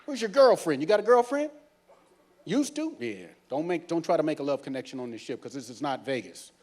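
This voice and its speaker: A man working as a cruise director, doing stand-up comedy on a ship's stage and teasing the crowd loudly. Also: on the high side, big pitch swings, a little fast. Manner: loud, teasing crowd banter. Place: cruise ship theater.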